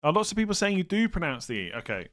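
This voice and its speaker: A young man hosting a casual live stream, reading viewer questions aloud and thinking out loud with self-mocking humor. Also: high-pitched, sing-song, racing.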